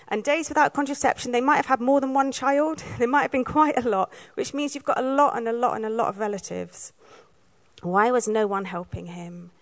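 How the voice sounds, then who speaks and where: A woman from Wales giving a sermon, telling the story in a lively way and acting out the lines she quotes. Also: on the high side. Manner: lively storytelling, acts out quoted lines, laughs now and then. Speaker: preacher.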